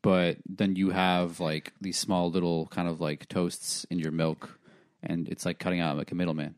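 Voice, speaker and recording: A young man guesting on a comedy podcast, joking in a quiet, deadpan mumble. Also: deep voice, normal speed, no room sound, studio quality. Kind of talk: casual comedic chat.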